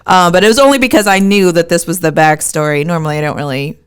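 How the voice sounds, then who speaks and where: A woman's voice: on the low side, fast, clear, resonant tone. A woman co-hosting a podcast, chatting casually in a rambling way with lots of "like". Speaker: podcast co-host. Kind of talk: casual chat about a film.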